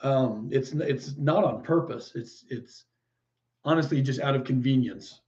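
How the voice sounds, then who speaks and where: A man's voice: mid-range voice, a little slow, darkish tone. A man hosting a livestream, chatting casually with viewers and reacting to their comments, chatty and easily delighted. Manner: chatty and easily delighted, frequent exclamations and laughs. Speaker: livestream host. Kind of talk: casual live chat reading viewer comments. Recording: muffled lo-fi stream audio.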